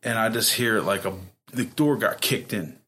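A man telling a story in a casual podcast chat, animated and profane, often laughing. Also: lowish voice, moderate pace. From Ohio, USA. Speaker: podcast guest.

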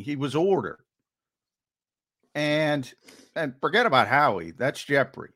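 A man's voice: fairly high pitch, very animated, takes it slowly, pauses often, fairly bright tone. A man co-hosting a sports talk show, talking emphatically and repeating words for stress. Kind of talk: heated sports talk commentary.

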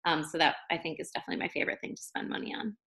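A young woman talks casually as a podcast guest, chatty and easygoing. Her voice sits a little low for a woman, and her speech is full of "like"s. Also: racing, bright, forceful tone. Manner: chatty, many fillers like 'like'. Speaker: podcast guest, life coach. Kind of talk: casual interview chat.

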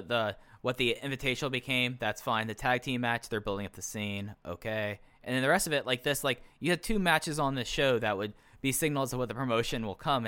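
A man's voice: medium pitch, sharp tone, clear, resonant tone, no echo. A man co-hosting a podcast, chatting casually and with strong opinions, often restarting his sentences. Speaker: podcast co-host. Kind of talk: casual chat reviewing a wrestling show.

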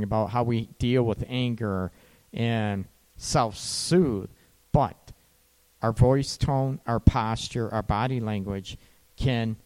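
A man hosting an advice show, talking casually about calming arguments between partners and tagging his sentences with "right?". He sometimes voices what a partner might say. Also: mid-range voice. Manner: conversational, frequent "right?" tag questions; acts out partner's lines in quoted dialogue. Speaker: relationship advice host.

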